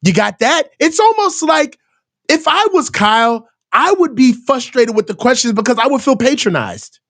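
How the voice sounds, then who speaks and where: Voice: medium pitch, very animated, normal speed, a bit bright, no room sound. A host of a live reaction show ranting sarcastically about a press conference, swearing freely. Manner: heated, sarcastic, swears a lot, mocks reporters in put-on voices. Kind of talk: profane sports rant.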